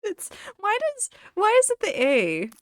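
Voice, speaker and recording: A woman's voice: very high-pitched, huge pitch swings, measured pace. Woman streamer, casual rambling chat, playful and self-deprecating. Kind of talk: casual chat while gaming.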